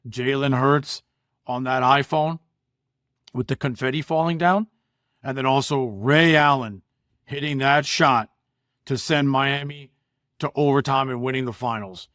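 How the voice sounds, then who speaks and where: A man's voice: mid-range voice, unhurried, pauses often, fairly bright tone, no room sound, studio quality. A man hosting a podcast, giving an emphatic, conversational motivational monologue full of repetition and "right?". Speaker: podcast host.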